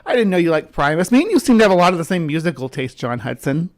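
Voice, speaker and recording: A woman's voice: on the low side, sing-song, quick pace. Rambling woman hosting a livestream. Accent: central US. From central US, between the South and the upper Midwest. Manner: rambling, chatty, greets viewers as they join; skeptic. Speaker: livestream host. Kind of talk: casual livestream chat.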